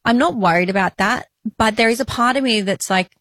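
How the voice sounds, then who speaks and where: A woman's voice: fairly high pitch, fairly quick, a bit bright, no room sound, studio quality. A woman in her late thirties talking candidly and emotionally in a casual chat, laughing often as a podcast co-host. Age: 30s.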